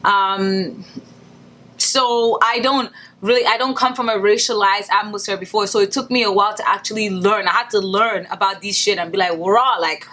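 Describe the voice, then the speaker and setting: Bright, blunt young woman vlogger. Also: mid-range voice, moderate pace. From Nigeria. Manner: blunt, profane, animated rants with mocking put-on quotes. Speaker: beauty vlogger. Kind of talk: casual commentary vlog.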